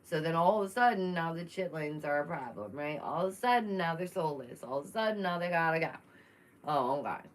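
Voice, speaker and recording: Young woman, casual commentary vlogger; outspoken, chatty, slightly low pitch. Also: animated, quick pace, few pauses. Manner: chatty, outspoken, laughs often. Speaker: true crime commentary vlogger.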